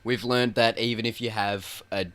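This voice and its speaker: A man's voice: moderate pace, clear, resonant tone, no room sound. A man co-hosting a movie podcast, bantering casually and animatedly. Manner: animated, jumps into high-pitched impressions. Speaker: podcast co-host.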